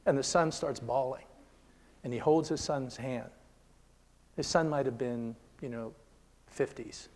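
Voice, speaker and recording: An older man giving a conversational sermon at a Christian seminar, earnest and often checking in with his listeners, sometimes dropping to a hushed whisper. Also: mid-range voice, measured pace, pauses often. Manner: drops to a hushed whisper when telling stories.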